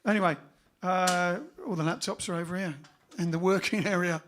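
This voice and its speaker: A man's voice: high-pitched, steady tone, normal speed, fairly bright tone, a little hiss or hum. A man hosting a casual lockdown livestream as band leader, chatting playfully and joking between songs. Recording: band music clearly behind the voice.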